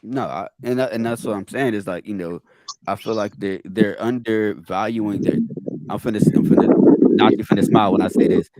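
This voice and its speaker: A man's voice: lowish voice, normal speed, heavy background noise. A man hosting a casual podcast chat, restarting and repeating phrases as he builds his point.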